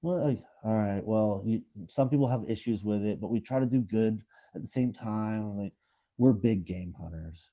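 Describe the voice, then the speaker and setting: A man's voice: fairly low pitch, normal speed, dark tone. A man in his thirties co-hosting a podcast, telling stories in a laid-back way with lots of fillers. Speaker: podcast co-host. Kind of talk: casual chat.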